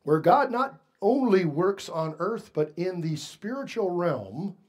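A male pastor preaching a sermon slowly and emphatically, stretching out key words for weight. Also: sits high, sing-song, darkish tone.

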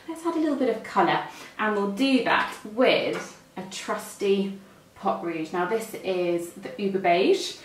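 This woman has a mid-range voice with a touch of hiss or hum on the track. Speaking with a British accent, she chats through her makeup demonstration step by step, in an echoey room with the microphone somewhat distant.

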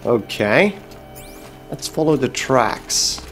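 A man's voice: mid-range voice, animated, takes it slowly, fairly bright tone, faint music behind. A man from Belgium hosting a let's play, chatting casually and making wry asides to viewers. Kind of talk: casual gameplay commentary.

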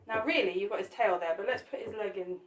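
A woman's voice: medium pitch, quick pace, distant mic. A woman chatting and joking with viewers as she demonstrates a cake sculpt live. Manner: chatty, jokey, talks to viewers while working. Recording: roomy echo, off the mic.

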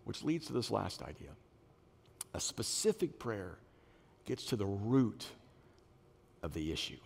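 A man's voice: fairly low pitch, measured pace, vocal fry, breathy edge. A middle-aged male pastor preaching a sermon in a church auditorium, telling stories and acting out the voices of the people in them. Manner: animated storytelling, acts out quoted voices. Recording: long hall reverb.

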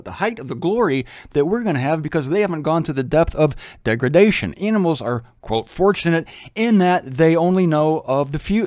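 A man's voice: a little high, darkish tone, dry recording, studio quality. A man giving a conversational, humorous Bible teaching, breaking into little acted voices.

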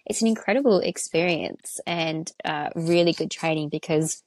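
A woman's voice: low-pitched, normal speed, darkish tone, no echo. A woman who is an actor and interior designer, talking earnestly and with enthusiasm as a guest in an interview. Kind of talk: casual interview chat.

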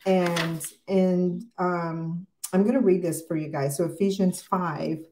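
A woman's voice: fairly low pitch, fairly even intonation, slow pace, mellow, echoey room. A middle-aged woman hosting a casual morning devotional livestream, talking in an emotional, rambling way with many fillers.

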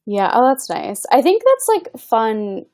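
A woman's voice: on the high side, sing-song, a little mellow, no room sound, clean studio sound. A woman who works as an assistant and comedian, chatting casually and bubbly, with a lot of "like" in her talk. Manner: bubbly, fillers of "like", quick laughs. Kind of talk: casual chat.

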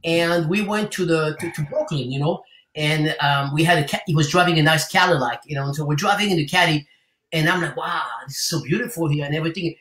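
A man's voice: on the high side, fast, fairly bright tone, roomy sound. A male singer as a guest in a casual interview, playful and putting on a mock New York voice for fun.

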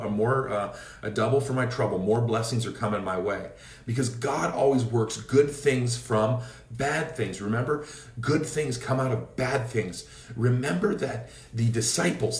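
Man preacher, mid-pitched, fervent declarations and storytelling, roomy off-mic sound. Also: recorded from a distance. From Seattle area, Washington State. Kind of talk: prayer and sermon.

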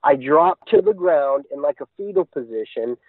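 A man with a fairly high, animated voice tells about a frightening encounter at a moderate pace, the recording dry and tinny like a phone line. He tumbles earnestly from event to event in one long run-on story.

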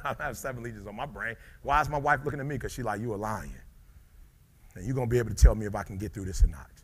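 A middle-aged man giving a live motivational speech, dropping to low murmurs and rising to shouted peaks, calling out to the crowd. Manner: preacher-like call and response with the crowd. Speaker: motivational speaker.

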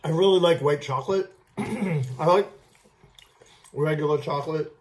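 A food vlog host giving a casual, gushing candy tasting review, with halting "um"s between lines. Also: mid-range voice. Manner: gushing, repeats "I love", halting fillers.

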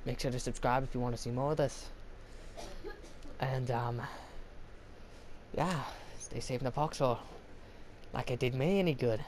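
A man hosting a let's play, talking to himself with goofy jokes and mock accents, bursting into loud panicked yelling. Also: medium pitch, fairly even intonation, normal speed, pauses often. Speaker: gaming video host. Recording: clear background noise.

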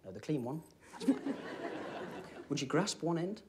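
A young British man performing comedy magic, chatting with a volunteer and dropping deadpan one-liners. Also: on the high side, measured pace, a crowd in the background. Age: young adult. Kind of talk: comic magic patter. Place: TV studio with live audience. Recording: studio audience noise behind.

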